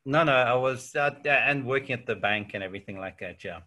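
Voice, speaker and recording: A South African man talks easily in a casual interview, his voice bright and clear. He rambles through anecdotes, peppering them with "yeah" and "um". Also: medium pitch, a little fast. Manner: relaxed storytelling with frequent fillers and "yeah". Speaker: interview guest. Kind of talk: casual chat.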